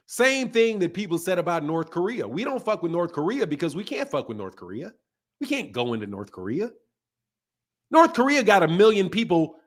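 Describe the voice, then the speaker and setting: A man's voice: high-pitched, a bit bright. A man hosting a casual podcast, ranting emphatically and swearing a lot. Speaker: boxing channel host. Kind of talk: casual profane podcast rant.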